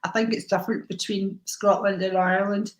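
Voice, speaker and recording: A woman's voice: medium pitch, flat delivery, brisk, reverberant, poor audio. A woman giving psychic readings to viewers on a live stream, affectionate and rambling, calling people darling. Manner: rambling, many ums and restarts.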